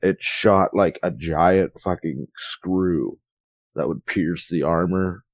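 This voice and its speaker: A man with an extremely low, gravelly voice talks loosely and profanely, piling up asides as he tells a story. He is recorded close and dry, with almost no room sound. His co-hosting is a relaxed, rambling chat. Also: slow pace, no room sound. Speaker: podcast co-host. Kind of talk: casual chat.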